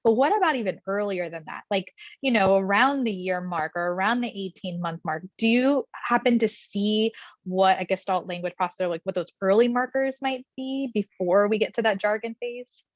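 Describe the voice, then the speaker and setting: A woman hosting a podcast interview, asking questions in a relaxed way with many fillers. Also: medium pitch, normal speed, no room sound. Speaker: podcast host, speech-language pathologist. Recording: dull, dry remote mic.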